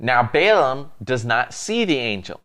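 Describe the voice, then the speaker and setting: A man co-hosting a casual Bible teaching, retelling scripture as a lively, amused storyteller. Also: mid-range voice, unhurried.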